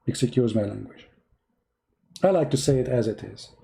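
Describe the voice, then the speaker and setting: A man's voice: mid-range voice, normal speed, creaky, dark tone. A man giving mocking, emphatic religious commentary in non-native English, full of sarcasm. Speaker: religious debater.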